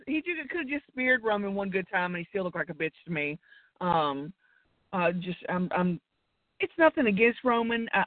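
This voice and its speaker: A woman's voice: mid-range voice, dry recording. A woman, ranting casually about wrestling, irritated and profane. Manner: irritated, profane, rambling rant. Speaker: co-host. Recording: tinny phone-line audio.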